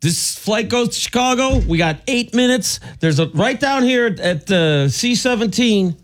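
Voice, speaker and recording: A man voicing a gruff, impatient male airport gate agent who barks orders at passengers. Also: very high voice, lively intonation, moderate pace, voice pushed up. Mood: barking. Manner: barking orders, shouting.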